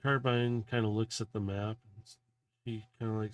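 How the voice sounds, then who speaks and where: A man's voice: lowish voice, little pitch movement, moderate pace, no room sound. A man narrating a tabletop role-playing game as game master, in a loose, casual way full of filler words.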